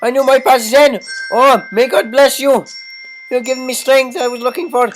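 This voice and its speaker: A player voicing a despairing sister in a game with a deliberately silly, wailing high voice. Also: steady tone, soft background music, natural voice, rough recording. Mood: grateful. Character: despairing nun-like sister, shrill and tearful. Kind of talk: reading game dialogue aloud.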